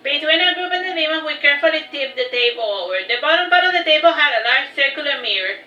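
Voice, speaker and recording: A woman's voice: high-pitched, lively intonation, fast, pushed and bright. A woman reading her own fantasy story aloud in a plain storytelling manner, with small stumbles and repeated words. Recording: distant, roomy, dull, faint music.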